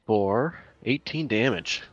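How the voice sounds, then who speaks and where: A man's voice: medium pitch, animated, takes it slowly, no echo, highs cut off, soft background music. A man serving as game master, narrating a tabletop game in a casual, stop-start way with many fillers, over an online call.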